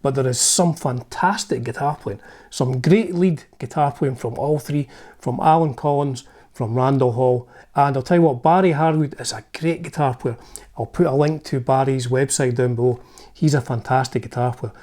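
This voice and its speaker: Scottish male host, mid-pitched, warm low tone, enthusiastic fan narrating music history casually. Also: moderate pace. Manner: chatty, enthusiastic fan talk with asides.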